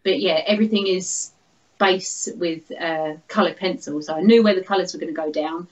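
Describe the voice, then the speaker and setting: A chatty woman, a guest artist, explaining her work in a relaxed interview, with lots of fillers and quick laughs. Her voice sits at a mid pitch. The recording is a little dull and lo-fi. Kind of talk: casual interview.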